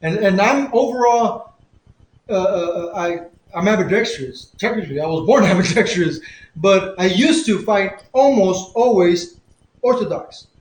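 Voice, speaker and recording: A man's voice: high-pitched, expressive, measured pace, roomy sound, low-quality recording. A man hosting a casual livestream, chatting in a rambling, self-correcting way while drinking a beer. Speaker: livestream host.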